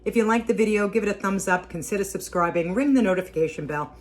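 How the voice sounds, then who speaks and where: In her relaxed cooking vlog, a talkative, homey woman repeats herself and hums while tasting what she's made. She speaks quickly at a medium pitch.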